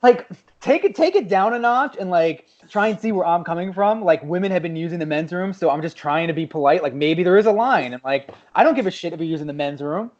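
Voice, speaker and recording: A man's voice: on the high side, fast talker, hardly any pauses, darkish tone. A man co-hosting a podcast, telling a story in casual chat, swearing and laughing as he goes. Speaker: podcast co-host. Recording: dull lo-fi podcast audio.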